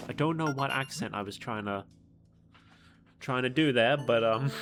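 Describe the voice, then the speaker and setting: A man's voice: mid-range voice, slow, long pauses, a bit bright. A man streaming a video game, chatting casually and reading the on-screen text aloud as he plays. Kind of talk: casual gameplay commentary. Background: game music.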